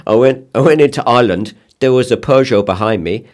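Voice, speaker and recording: A man putting on a deliberately poor Scandinavian accent to play a puzzled racing driver. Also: medium pitch, darkish tone, slight background noise, lightly acted. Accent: Scandinavian put-on. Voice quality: exaggerated, self-mocking put-on accent.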